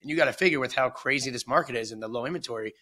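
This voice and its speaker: A man co-hosting a podcast and working as a listing agent, talking in an animated, exasperated way, acting out phone calls and swearing. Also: medium pitch, rapid-fire. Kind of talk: casual podcast chat.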